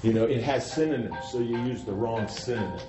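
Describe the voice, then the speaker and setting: A man's voice: mid-range voice, fairly quick, loud music behind the voice, rough recording. A man teaching an informal class, rambling and conversational, often saying "you know".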